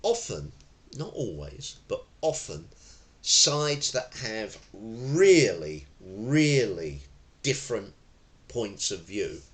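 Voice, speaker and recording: A man's voice: fairly low pitch, big pitch swings, takes it slowly. A male self-defence instructor, seated at a table indoors, explaining with demonstrations and wandering off into asides. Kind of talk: explaining to camera.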